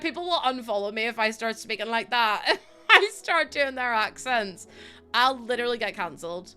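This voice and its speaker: A woman's voice: on the high side, lively intonation, moderate pace, bright, forceful tone, clean tone, soft background music. A woman in her twenties from Northern Ireland with a Northern Irish accent, chatting casually and answering viewers on a live gaming stream. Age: 20s. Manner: chatty, giggly, answers chat.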